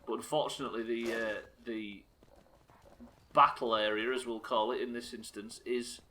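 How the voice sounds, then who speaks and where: A man's voice: medium pitch, fairly even intonation, moderate pace, sharp tone. A man streaming a game live, chatting casually and joking with his chat, with frequent swearing. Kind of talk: casual commentary while playing.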